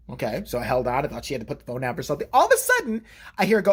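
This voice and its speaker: A man telling a story in a casual vlog, profane and animated, jumping into the voices of the people he quotes. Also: high-pitched, very fast, slightly rough.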